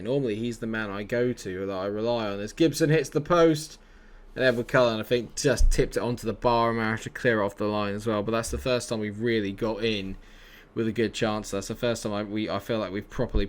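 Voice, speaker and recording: A man giving jokey commentary on his football management game, dropping to low mutters and rising to excited shouts. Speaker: gaming YouTuber.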